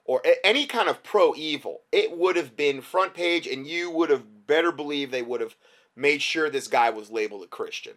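A man's voice: fairly high pitch, lively intonation, moderate pace, fairly bright tone. A man hosting his own show, talking in a rambling, emphatic way with frequent restarts and asides to listeners. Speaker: podcast host. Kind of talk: casual talk-show commentary.

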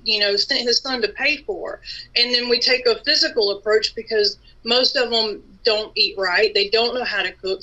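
A woman's voice: medium pitch, pushed and bright, slightly rough, lo-fi sound. A woman who works in ministry, speaking earnestly and conversationally as a guest in an interview. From Atlanta, USA. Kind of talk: interview testimony.

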